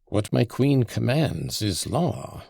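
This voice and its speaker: A man reading an audiobook, voicing a stiff, courtly gentleman with formal manners. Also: mid-range voice, very animated, slow pace, creaky, slightly rough, dry recording, studio quality, full character voice. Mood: gallant.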